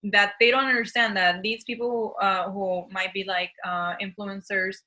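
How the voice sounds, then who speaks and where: A woman's voice: medium pitch, flat delivery, moderate pace, pushed and bright, rough recording. A young woman hosting a casual conversation, reflective and thinking aloud as she talks. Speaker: host.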